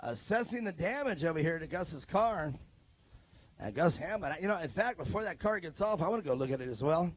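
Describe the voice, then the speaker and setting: A man's voice: fairly high pitch, animated, a little fast, dry recording. A man doing live trackside announcing at an outdoor race, joking and chatting with drivers and crews into a handheld mic.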